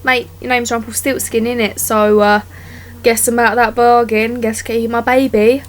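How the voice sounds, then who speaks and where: A woman's voice: a little high, flat delivery, normal speed, lightly acted. A woman voicing a smug young princess who talks in flippant slang. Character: sly young princess, cocky.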